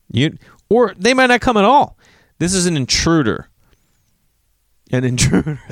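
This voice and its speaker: A man's voice: mid-range voice, no echo, studio quality. A man telling a story in casual talk, swearing freely and acting out what people said. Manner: animated, profane, acts out quotes.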